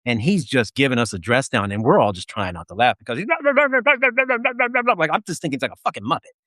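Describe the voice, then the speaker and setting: A man co-hosting a casual chat, telling an army story in an animated, profane way with frequent laughter. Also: medium pitch, a little fast, no echo, studio quality. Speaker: podcast co-host.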